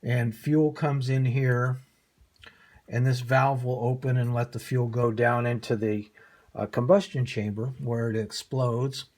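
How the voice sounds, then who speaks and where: A man's voice: mid-range voice, little pitch movement, measured pace, a little mellow. An older man casually demonstrating an old motorcycle engine part he is rebuilding, in a folksy, self-deprecating way with plenty of ums and uhs. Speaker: hobby motorcycle mechanic.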